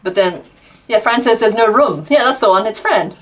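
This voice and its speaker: Australian woman, casual stream chat, quick run-on sentences, frequent laughter. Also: on the high side, lively intonation. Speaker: crochet streamer.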